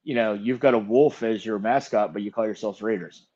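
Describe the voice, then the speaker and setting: Brief: wry, swearing male co-host, mid-pitched, muffled lo-fi line. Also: brisk, mellow. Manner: wry, profane, drops to mutters. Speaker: podcast co-host. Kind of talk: casual chat.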